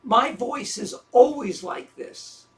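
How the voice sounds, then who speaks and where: A man's voice: very high voice, slow, a bit bright, full character voice. An actor in an audio drama playing a self-deprecating man who talks with dry, wry sarcasm. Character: self-deprecating sarcastic middle-aged man, troubled lover.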